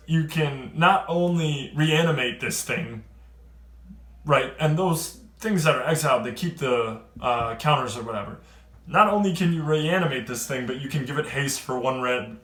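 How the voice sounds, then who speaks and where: A man giving a casual, excitable card-game review, rambling and trailing off quieter at the ends of thoughts. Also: on the high side. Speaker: card game video creator. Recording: roomy echo.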